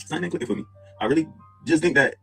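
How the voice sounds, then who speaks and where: Angry male ranter, rapid-fire and husky, a touch high-pitched, faint music under him. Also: animated, pushed and bright. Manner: heated, mocking, repetitive rhetorical questions. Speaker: commentator in a played clip. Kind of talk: angry rant video.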